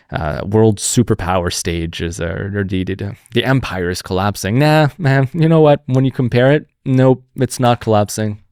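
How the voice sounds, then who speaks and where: A young man hosting a political podcast, talking in a profane, animated, rambling way. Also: fairly low pitch, smooth, no echo, clean studio sound. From Canada. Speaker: podcast host. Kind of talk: casual political podcast chat.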